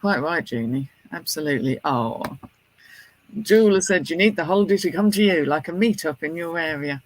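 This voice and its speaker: A man's voice: fairly high pitch, expressive, dry recording, rough recording. A man co-hosting a casual podcast, reading out listener comments and reacting in a chatty way. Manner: chatty, reacting with quick laughs. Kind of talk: casual chat.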